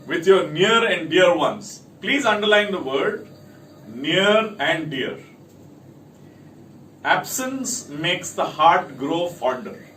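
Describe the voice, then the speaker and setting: A man's voice: sits high, fairly bright tone, distant mic. A man giving a talk to camera, working through a list of points with emphatic delivery. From India. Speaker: company speaker. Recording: echoey room, from off mic, faint noise.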